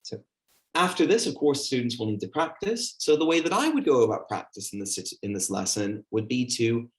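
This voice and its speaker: Speaking a little fast with big swings in his medium pitch, this teacher trainer hosts an online teaching workshop. He chats along, filling gaps with fillers, and demonstrates how he addresses a class.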